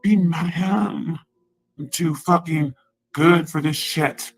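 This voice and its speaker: A woman's voice: low voice, takes it slowly, soft background music, low-quality recording. A woman in a profane, rambling angry rant, taunting and repeating herself.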